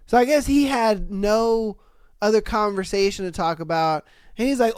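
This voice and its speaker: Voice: medium pitch, normal speed, smooth, no echo. Solo podcast host, casual and profane, reads posts out and riffs on them. Dry, close mic. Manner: profane, animated, slangy, acts out the people in the stories. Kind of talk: casual storytelling, reading out and reacting to posts.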